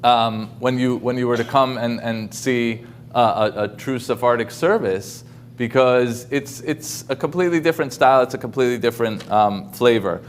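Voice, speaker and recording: A man's voice: mid-range voice, moderate pace, a little hiss or hum. A man giving a casual talk over a video call, with many ums and restarts. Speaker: guest speaker. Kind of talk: informal lecture.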